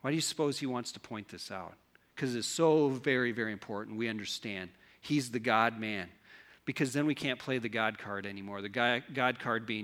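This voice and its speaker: A pastor preaching a sermon, asking his congregation rhetorical questions in an animated way. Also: lowish voice, moderate pace.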